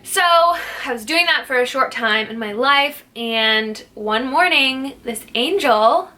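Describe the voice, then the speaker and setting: Young woman, fitness instructor, casual vlog Q&A, jokey, giggly, crisp bright tone, slightly high voice. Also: expressive, takes it slowly. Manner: jokey, playful, not serious; chatty, laughs often.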